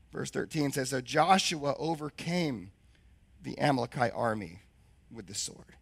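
Hoarse, gravelly-voiced male pastor preaching. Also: mid-range voice, a little slow, no echo. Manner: preaching with rhetorical questions to the congregation. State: hoarse, lost his voice. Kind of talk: sermon.

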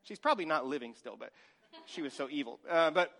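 A man in his forties preaching a sermon, telling lively stories and acting out little scenes, sometimes dropping to a whisper. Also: a little high, brisk, background noise. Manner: animated storytelling, acts out scenes, drops to a whisper. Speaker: pastor.

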